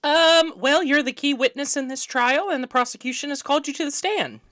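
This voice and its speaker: A woman's voice: high voice, brisk, a bit bright, no echo, studio quality. A woman playing a scatterbrained, unsure judge who runs a silly trial in an improvised comedy bit. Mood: flustered. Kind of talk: improvised comedy role-play.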